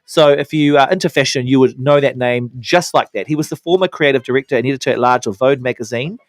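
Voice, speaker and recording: A man with a New Zealand accent hosting a breakfast radio show, chatting excitably and gossiping with his co-host in a studio. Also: medium pitch, fast, no room sound. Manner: excitable, gossipy, sings out phrases. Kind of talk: casual radio banter. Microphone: studio microphone.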